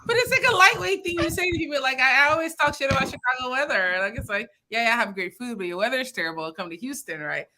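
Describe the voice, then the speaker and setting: A woman chats casually as a podcast host. Her voice is bright and clear, and she tells stories in an animated way, packed with fillers and quick laughs. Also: high-pitched. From Nigeria. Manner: animated storytelling, laughs often, many fillers. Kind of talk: casual chat.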